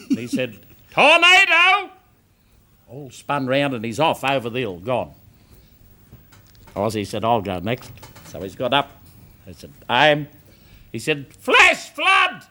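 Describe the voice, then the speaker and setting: An Australian comedian telling a joke on a live show, peppering it with "you see". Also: male voice, medium pitch. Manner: chatty yarn-spinner, uses "you see". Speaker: comedian guest. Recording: live studio audience behind.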